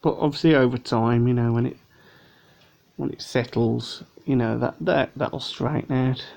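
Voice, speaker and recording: Tired, chatty man, gravelly voice. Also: medium pitch, fairly even intonation, normal speed, darkish tone. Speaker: vlogger. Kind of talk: casual unboxing review. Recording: dull lo-fi home recording.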